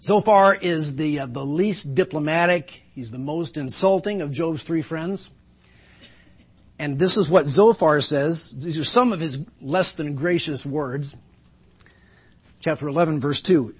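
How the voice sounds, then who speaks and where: Middle-aged preacher, husky, fairly high, earnest and reflective. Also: male voice, measured pace. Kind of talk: sermon.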